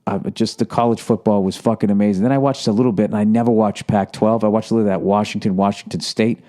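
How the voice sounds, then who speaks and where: A man's voice: on the low side, fairly even intonation, quick pace, mellow. A man hosting a solo podcast, ranting about sports in a profane, sarcastic way. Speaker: podcast host.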